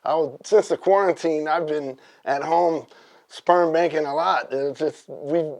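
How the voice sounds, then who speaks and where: A male guest tells long jokes in a loose, rambling way, voicing the characters as he goes. His voice is fairly high with a darkish tone, and he keeps a measured pace.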